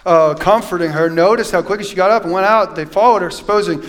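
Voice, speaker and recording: High-voiced man preaching a sermon. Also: fast talker. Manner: reads scripture aloud, swings from loud preaching to hushed. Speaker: pastor. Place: church.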